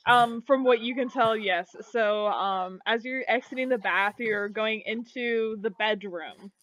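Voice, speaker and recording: A woman's voice: on the high side, a little slow, fairly bright tone, low-quality recording. A young woman narrating as game master of a tabletop game, hesitant, with many fillers and giggles. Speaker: dungeon master.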